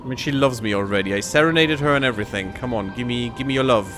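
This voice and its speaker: A man's voice: medium pitch, quick pace, over music. A man hosting a let's play, giving casual sarcastic commentary while he plays and swears freely.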